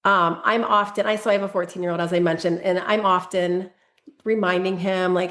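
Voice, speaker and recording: A woman's voice: mid-range voice, a little fast, fairly bright tone. Candid woman guest in an echoey room. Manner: candid, storytelling, self-deprecating, laughing at herself. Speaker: parenting coach guest. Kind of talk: conversational interview, personal story.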